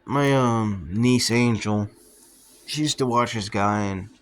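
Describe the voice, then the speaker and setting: A man's voice: mid-range voice, takes it slowly, clean tone. Profane rambling young man. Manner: profane, offhand, laughs at his own stories. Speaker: vlogger. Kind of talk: rambling casual storytelling.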